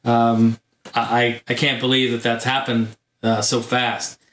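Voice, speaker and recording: A man hosting his gaming channel, telling a story in a casual vlog monologue, animated and full of fillers. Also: medium pitch, unhurried. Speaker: YouTube gaming channel host. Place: home room. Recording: roomy echo.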